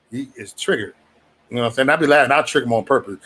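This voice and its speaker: This livestream host has a husky, fairly bright mid-range voice and a quick pace. His casual chat is loose and full of profanity, broken up by frequent laughter and raised-voice impressions of others.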